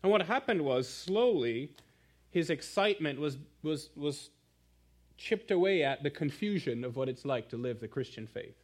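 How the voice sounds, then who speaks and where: A man preaching a sermon in church, telling a story with animated asides to the congregation. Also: fairly high pitch, moderate pace. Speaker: pastor.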